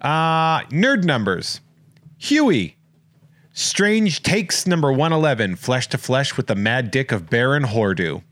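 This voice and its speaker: Man, podcast host, casual joking chat, dry close sound, mid-pitched voice. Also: very animated, slow pace, no room sound. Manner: joking, rambling shout-outs.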